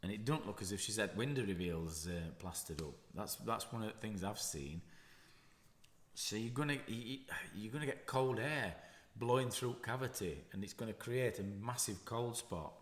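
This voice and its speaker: A man who is a damp and mould specialist, reading out a news story and commenting on it in unhurried asides with frequent self-corrections. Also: fairly low pitch, animated. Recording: roomy echo.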